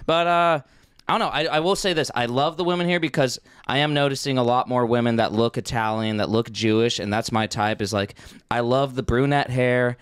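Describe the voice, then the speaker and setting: A man's voice: medium pitch, fairly quick, clear, resonant tone, no echo, studio quality. A young man co-hosting a podcast, trading crude, joking banter and swearing freely. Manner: brash, joking, swears a lot. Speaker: podcast co-host.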